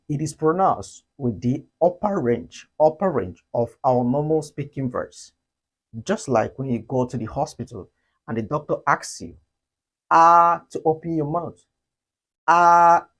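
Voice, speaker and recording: A man teaching a beginner Mandarin lesson, slowly demonstrating each tone with drawn-out syllables. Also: mid-range voice, a little mellow, husky. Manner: slow, deliberate, demonstrates tones with drawn-out sung syllables.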